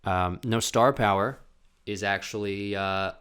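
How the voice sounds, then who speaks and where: A man's voice: lowish voice, measured pace, fairly bright tone, clear, resonant tone. A young man hosting his own solo podcast from home, talking in a rambling, profane, self-mocking way. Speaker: podcast host. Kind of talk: casual solo monologue. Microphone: desk camera mic with ring light.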